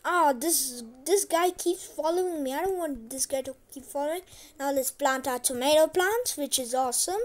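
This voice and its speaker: High-voiced chatty woman playing a game. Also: moderate pace. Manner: chatty, repeats herself, trying to speak loudly. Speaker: gameplay commentator. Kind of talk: casual gameplay commentary.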